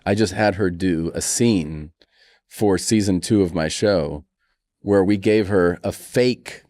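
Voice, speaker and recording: Here the man in his forties, a comedian guest on a podcast, talks slowly in a low voice without any echo. He's an animated storyteller sharing humorous family anecdotes and voicing the people he quotes.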